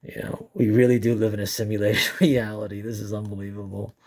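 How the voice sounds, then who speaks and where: A man's voice: lowish voice, level tone, a little fast, a little mellow. A man casually narrating his own footage in a rambling way with restarts, often breaking into giggles. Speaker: amateur moon filmer. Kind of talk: casual excited commentary.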